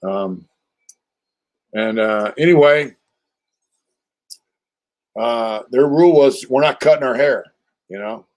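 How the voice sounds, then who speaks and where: A man's voice: medium pitch, takes it slowly, pauses often, a little mellow. An older man hosting a casual livestream, telling a story in a loose, rambling, streetwise way with lots of fillers and swearing. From California. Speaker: livestream host.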